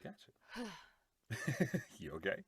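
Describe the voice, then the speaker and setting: A man hosting a casual podcast interview, asking relaxed questions and giving short replies. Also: a little high, takes it slowly, slightly rough, no room sound, studio quality. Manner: brief backchannels, relaxed questions. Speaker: podcast host.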